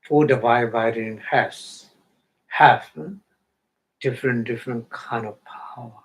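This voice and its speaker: A man whose first language is Burmese, giving a meditation dharma talk in halting English, with many fillers and repeated words, chanting Pali passages now and then. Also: medium pitch. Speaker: meditation teacher.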